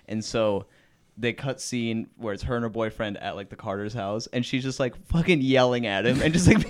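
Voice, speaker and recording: A man in casual podcast chat, telling a story with lots of laughs and acted-out quotes. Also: fairly low pitch. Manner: animated storyteller, laughs often, acts out quotes.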